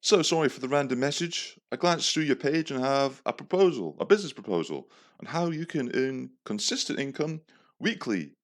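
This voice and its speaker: A pushy London wheeler-dealer with chirpy salesman patter, put on by a man. The attempted Cockney accent keeps slipping toward Australian. He is pitched high and loud, far above the performer's usual voice. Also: big pitch swings, normal speed, lightly acted. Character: brash male London crypto scammer.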